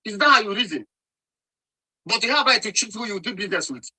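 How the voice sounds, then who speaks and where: A man's voice: high voice, expressive, fast talker, bright, forceful tone, breathy edge, low-quality recording. A Nigerian man from Nsukka arguing hotly in an online audio room, insistent and scolding, often repeating himself. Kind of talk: heated political argument.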